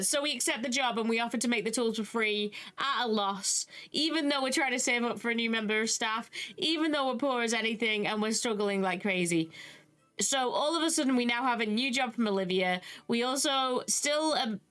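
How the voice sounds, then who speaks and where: A young British woman giving casual, animated commentary on a video game she is playing, with exasperated asides. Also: sits high. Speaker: gaming YouTuber. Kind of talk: casual let's-play commentary.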